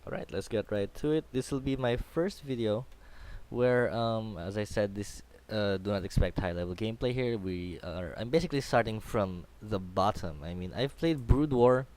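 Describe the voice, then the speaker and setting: Chatty Filipino man with a low voice. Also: moderate pace, a little mellow. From Philippines. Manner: chatty, rambling, many fillers and restarts. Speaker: gaming tutorial host. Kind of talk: casual game commentary over replay.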